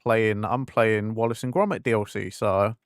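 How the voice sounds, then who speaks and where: A man's voice: lowish voice, fairly even intonation, moderate pace, smooth, no room sound, clean studio sound. Chatty English man streaming a game. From England. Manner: chatty and rambling, acts out quoted conversations. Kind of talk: casual live-stream chat.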